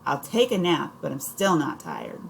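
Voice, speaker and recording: A woman's voice: low voice, huge pitch swings, moderate pace, vocal fry, slight background noise, heavily acted, low-quality recording. A woman voicing a sickly, stubborn boy of about ten who whines. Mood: whiny. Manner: whining.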